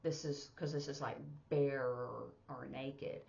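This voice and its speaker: A woman's voice: rumbling low, steady tone, takes it slowly, gravelly, darkish tone, dull audio. A woman teaching sign language in a casual, chatty way, walking through each sign step by step with plenty of fillers. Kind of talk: casual instructional lesson.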